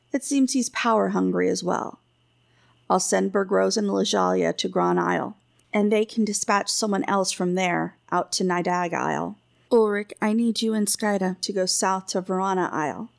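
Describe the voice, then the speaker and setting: Woman voicing a gruff, blunt old king. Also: medium pitch, normal speed, close to an everyday voice. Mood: commanding. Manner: grumbling, then commanding orders.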